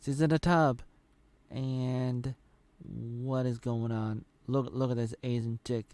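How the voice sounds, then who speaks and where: A man's voice: medium pitch, steady tone, slow, a little mellow, dry recording. A man giving a casual spoken recap of a show's episodes, rambling loosely and restarting his sentences often. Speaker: show reviewer.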